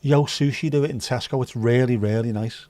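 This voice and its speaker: A man's voice: medium pitch, brisk, warm tone, no echo. A man hosting a casual livestream, bantering cheekily with viewers and swearing freely. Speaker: livestream host serving virtual drinks. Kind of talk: casual chat.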